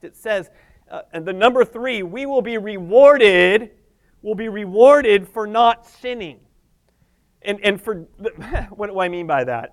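A man with a high voice preaches fervently to his congregation, his talk peppered with Hallelujahs and Amens. He moves between rising excitement and quieter asides, sometimes laughing at himself. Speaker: pastor. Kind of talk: sermon.

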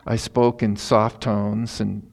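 A middle-aged man, a pastor, telling a story in a sermon in an earnest, animated way. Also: on the low side, slow pace, gravelly. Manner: earnest, animated retelling with emphatic rises.

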